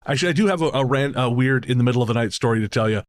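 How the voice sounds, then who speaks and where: Male podcast co-host from Canada, mid-range voice, relaxed storyteller with a laugh and a curse. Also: medium pitch, rapid-fire. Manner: storytelling, laughs often, swears casually. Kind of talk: casual chat.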